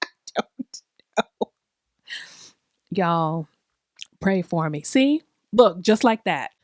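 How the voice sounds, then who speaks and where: A woman's voice: lowish voice, animated, very slow, pauses often, no echo, clean studio sound. A woman in her forties hosts a podcast in a casual, comedic monologue. She talks loosely and profanely, asks rhetorical questions and laughs often at herself. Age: 40s. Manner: chatty and self-mocking, laughing often. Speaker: podcast host.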